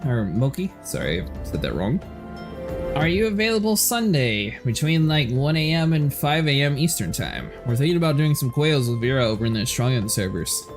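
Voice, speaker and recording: A man's voice: medium pitch, big pitch swings, brisk, over music. A man live-streaming a game, chatting and joking with his viewers and a co-player. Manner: chatty, jokey, talks to chat and co-players, laughs often. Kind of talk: live gameplay stream chat.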